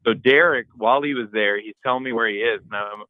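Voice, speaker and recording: Excitable man telling a hunting story. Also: mid-range voice, quick pace, dry recording, narrow, tinny audio. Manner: animated storyteller, acts out his own shouts and texts. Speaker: podcast co-host. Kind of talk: casual storytelling.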